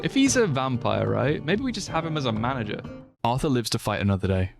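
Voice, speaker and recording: A man's voice: mid-range voice, big pitch swings, quick pace, vocal fry, music in the background. A man narrating his own game playthrough with dry jokes and the odd curse. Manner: dry joking, swears, shouts in alarm at game events. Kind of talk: wry game narration mixed with live stream reactions.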